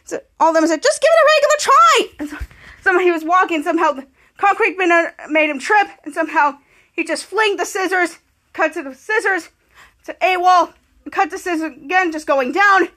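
A woman hosting a podcast, excitedly retelling a TV episode scene by scene and quoting the characters' lines. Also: very high voice, a little fast. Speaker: podcast host. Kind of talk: casual episode recap.

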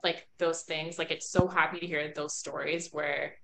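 A woman's voice: low voice, steady tone, normal speed, creaky, a bit bright, slight background noise. A woman podcast host in casual chat, talking loosely with many "like" fillers. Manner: chatty, full of "like" fillers.

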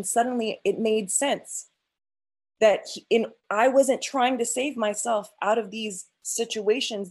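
A woman sharing an emotional personal faith testimony, earnest, with frequent restarts and quoted prayers. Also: medium pitch.

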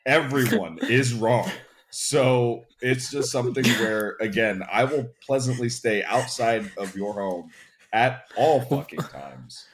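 A man's voice: mid-range voice, slow pace, slight background noise. A man co-hosting a casual chat with friends, ranting and swearing a lot. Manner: swears a lot, rambling rants.

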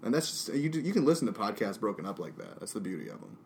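A man with a low voice talks loosely on a podcast, cursing freely as he rambles through a story. A faint hiss of noise runs under the recording. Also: wildly swooping pitch, very fast, gravelly, a little mellow. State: drinking. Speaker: podcast co-host. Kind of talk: casual chat.

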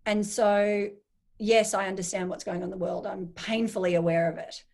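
A woman guest in a casual interview, talking enthusiastically and acting out her own inner voice in quick asides. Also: medium pitch, fairly even intonation, darkish tone.

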